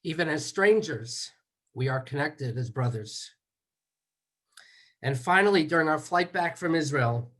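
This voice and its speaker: A man giving measured remarks as a son at a memorial, moving through slow, deliberate lists. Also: on the high side, a bit bright. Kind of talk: eulogy remarks.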